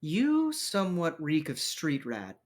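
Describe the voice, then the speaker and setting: A man voicing a stiff, discreet, ghoulishly tall male clinic attendant in a tabletop role-playing game, with hesitant pauses. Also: fairly high pitch, huge pitch swings, exaggerated voice. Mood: prim, guarded.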